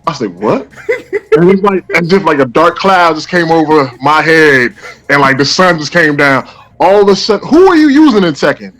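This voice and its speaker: A man's voice: a little high, brisk. A man from the Bay Area, a guest rapper, telling stories animatedly and acting out the voices. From San Francisco Bay Area. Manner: animated, acts out quoted voices. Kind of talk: casual interview storytelling.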